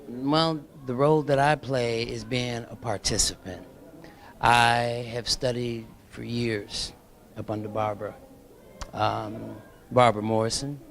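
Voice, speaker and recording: A man answering interview questions at an outdoor event, starting over and filling pauses as he finds his words. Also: mid-range voice, creaky, a little hiss or hum. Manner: halting, with fillers and restarts. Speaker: interviewed singer. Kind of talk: on-camera interview.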